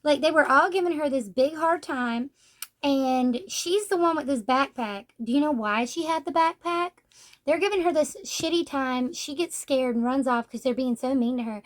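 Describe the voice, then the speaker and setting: High-voiced chatty woman reviewer. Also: moderate pace. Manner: chatty, blunt and sarcastic, acts out quotes. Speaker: book reviewer. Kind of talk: casual manga review chat.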